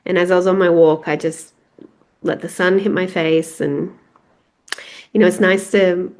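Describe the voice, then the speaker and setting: A woman's voice: lowish voice, fairly even intonation, unhurried, a little mellow. A middle-aged Australian woman hosting a podcast, talking candidly and chattily in a solo reflective monologue with laughs and restarts. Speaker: podcast host. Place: house, on her own.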